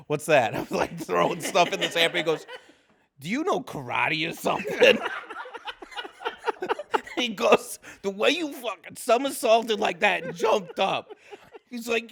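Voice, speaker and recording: Animated man telling a story. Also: a little high, gravelly. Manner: animated anecdote-telling, laughs often. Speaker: grip, podcast guest. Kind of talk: casual storytelling chat.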